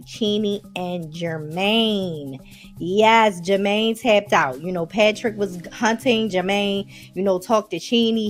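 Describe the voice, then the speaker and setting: Baltimore lady talking to y'all about last night's episode, mid pitch, little music behind. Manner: chatty, addresses viewers as y'all. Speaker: TV episode reviewer. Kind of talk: casual recap to viewers.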